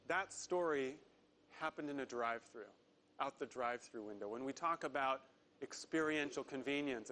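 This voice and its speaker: A man giving a prepared corporate investor presentation, earnest, slowing down to stress key words. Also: mid-range voice, fairly bright tone, slight background noise. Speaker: company executive presenter.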